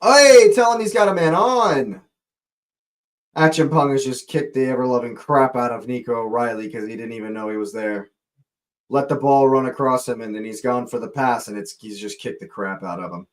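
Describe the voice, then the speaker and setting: His voice leaps up at every near chance as he hosts a live watch-along with fan play-by-play commentary. Chatty and excitable, he greets and talks to viewers in the chat. The voice is medium-pitched and fairly quick.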